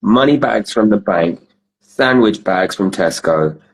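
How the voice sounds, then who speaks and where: A man's voice: fairly low pitch, expressive, a little slow, vocal fry, breathy edge, rough recording. A laid-back man chatting casually on a video call. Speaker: podcast call-in guest.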